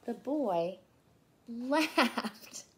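A woman childcare teacher reading a picture book aloud to young children in an expressive storytelling voice. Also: a little high, very slow, slight background noise.

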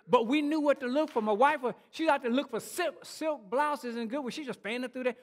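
A male pastor delivers a sermon in a strikingly high voice, calling out to his congregation as he goes. He stumbles and repeats words mid-thought, pressing each point home. His voice hangs in a long reverb that fills a large church hall. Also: normal speed. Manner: exhorting congregation, frequent restarts and repeated words.

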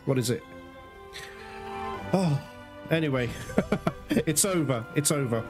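A man with a medium-pitched voice narrates gameplay slowly as game music plays behind him. Though slow-paced, he gets excited, swears often, and keeps calling his viewers guys as the let's play host.

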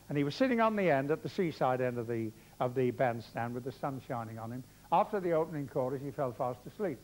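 An older man, a comedian, telling funny stories in chatty music-hall patter on a theatre stage. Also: medium pitch. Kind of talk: live comic storytelling on stage. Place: theatre stage before a live audience. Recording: live theatre recording with loud music. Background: loud band music.

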